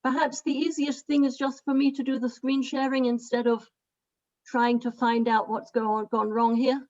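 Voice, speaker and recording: A woman hosting an online meeting, talking haltingly with many fillers while she sorts out settings on a video call. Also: high voice, level tone, darkish tone, lo-fi sound. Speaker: event host.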